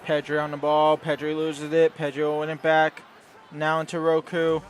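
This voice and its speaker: Commentating loosely over footage of his own play, this gaming-channel host rambles, drifting between quiet mumbles and sudden loud outbursts. He speaks at a normal speed in a monotone.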